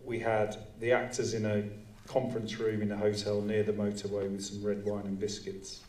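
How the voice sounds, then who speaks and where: A male filmmaker explaining his process at a live audience Q&A, in a measured, explanatory way. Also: fairly low pitch, completely flat delivery, darkish tone, distant mic. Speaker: writer and director. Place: cinema auditorium. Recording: roomy hall sound, voice from off-mic.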